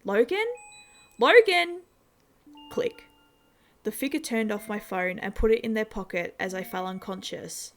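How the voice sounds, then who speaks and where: A woman narrating a horror story in a measured, steady storytelling manner. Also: mid-range voice, slight background noise.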